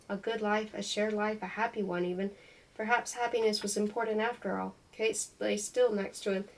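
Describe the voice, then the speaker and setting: A woman reading a novel aloud in a steady, even narration. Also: medium pitch, recorded from a distance, rough recording. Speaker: reader.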